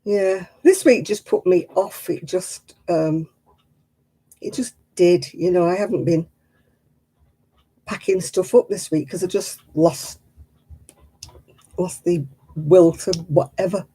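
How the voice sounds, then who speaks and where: A woman's voice: lowish voice, takes it slowly, pauses often, dark tone, slightly rough. A woman hosting a crafting live stream, chatting casually with viewers in a self-mocking way and laughing often. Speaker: craft livestream host.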